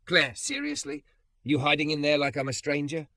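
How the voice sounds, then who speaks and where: A man's voice: on the high side, very animated, moderate pace, gravelly, bright, forceful tone, dry recording, distant mic, pitched above the performer's own voice, full character voice. A man voicing a menacing possessive ex-boyfriend who sounds falsely concerned and pushy.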